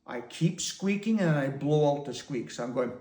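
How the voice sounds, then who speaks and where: A man with a slightly high voice gives a patient, step-by-step lesson on circular breathing for the didgeridoo. His explanation sounds in an echoey room. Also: animated, normal speed, very noisy. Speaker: didgeridoo teacher. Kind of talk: instructional demonstration.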